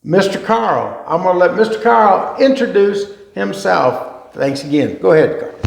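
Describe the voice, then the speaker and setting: A man hosts a casual podcast in a friendly, eager voice with a slightly high pitch and a gravelly edge. The room around him is echoey. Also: lively intonation, a little slow. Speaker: podcast host.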